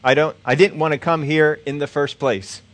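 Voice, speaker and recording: A man voicing a grumpy, stubborn old homeless man who talks gruffly and sarcastically. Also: a little high, steady tone, normal speed, dry recording, lightly acted. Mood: gruff sarcastic.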